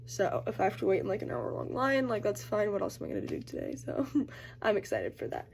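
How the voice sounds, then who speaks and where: Young woman chatting away in a grwm vlog, says like a lot, bit of vocal fry. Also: medium pitch, wildly swooping pitch, brisk, a little mellow, a little hiss or hum. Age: young adult. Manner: chatty, uses "like" constantly, acts out quoted voices. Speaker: college student vlogger. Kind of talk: casual get-ready-with-me chat.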